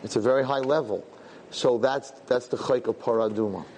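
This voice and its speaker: Man telling stories in a lively Torah lesson. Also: mid-range voice, a little fast, a little hiss or hum. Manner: animated storytelling, conversational, acts out dialogue. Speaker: religious teacher.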